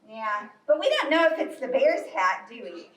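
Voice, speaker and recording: A woman's voice: high voice, sing-song, moderate pace, a bit bright. A woman leading a children's yoga storytime class in a library, cheery and encouraging with small children. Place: library room. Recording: echoey room from far off.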